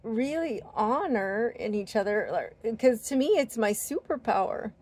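A woman vlogger sharing a heartfelt spiritual talk, earnest and gentle, with many fillers and restarts. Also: a little high, animated, measured pace, dry recording. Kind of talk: heartfelt personal talk to camera.

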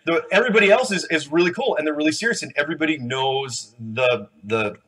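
A man's voice: on the high side, fast, a bit bright, husky. A man on stage answering audience questions at a conference in a loose, rambling, joking way. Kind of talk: live Q&A. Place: conference hall.

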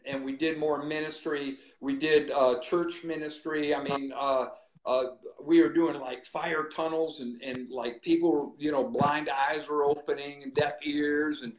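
A man, a guest minister, telling his testimony in an animated way and acting out the voices he quotes. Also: fairly high pitch, roomy sound. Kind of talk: testimony storytelling.

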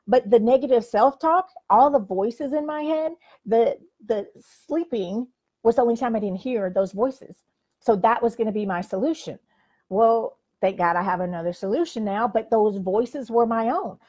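With a fairly high, slightly mellow voice at normal speed, an older life coach addresses the camera. She's frank and emphatic in her motivational message and says "like" often.

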